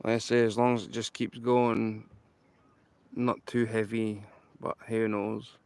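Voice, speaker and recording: Speaking a little slowly in a low, level, smooth and darkish voice, a Scottish trainspotter streams live beside a railway line outdoors. He rambles, emphasizes and repeats himself to viewers through a handheld camera, on a dry recording.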